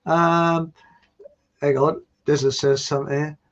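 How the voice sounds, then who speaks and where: A man's voice: on the high side, flat delivery, unhurried, muffled recording. A man hosting his own online show in a casual, rambling way, joking and reading out viewer comments. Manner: jokey, laughs at his own quips, reads out viewer comments. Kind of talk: casual rambling live-stream talk.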